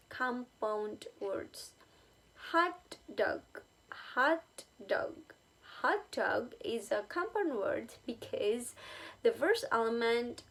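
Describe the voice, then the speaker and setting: Slow, halting woman lecturing. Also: on the high side. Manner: halting, with many fillers and repeated examples; checks in with the listener. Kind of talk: recorded linguistics lecture.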